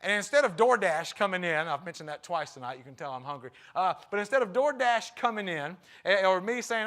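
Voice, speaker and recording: A man's voice: sits high, lively intonation, brisk, hardly any pauses, fairly bright tone. A man preaching a sermon in a church, a husband and father who talks in a conversational way and acts out the quotes in his story. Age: young adult to middle-aged, a father. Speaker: guest preacher. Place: church sanctuary.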